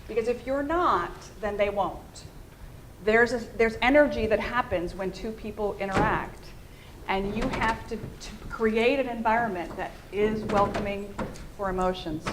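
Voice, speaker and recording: A middle-aged American woman gives a talk on fundraising, often turning to her listeners with questions. Her voice sits at an ordinary middle pitch, and a clear hiss of background noise runs under the recording. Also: unhurried. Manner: engaging, addresses the audience with questions. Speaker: fundraising communications consultant. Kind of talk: conference presentation. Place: presentation room.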